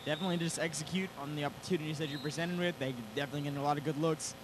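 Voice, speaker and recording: A young man doing color commentary at a school basketball game, relaxed and analytical, announcing substitutions. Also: a little high, rapid-fire, noisy background. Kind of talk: sports commentary.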